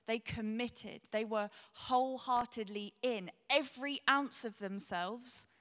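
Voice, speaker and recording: A woman's voice: medium pitch, fairly bright tone. A young woman preaching a sermon, earnest and candid, tearful as she speaks. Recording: long hall reverb.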